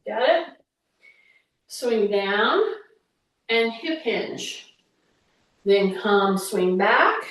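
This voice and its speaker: A woman with a high voice leads a workout, coaching in an unhurried, chatty way with the odd teasing aside. She sounds some way off from the mic in a very echoey room. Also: recorded from a distance. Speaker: fitness instructor. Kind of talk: workout instruction.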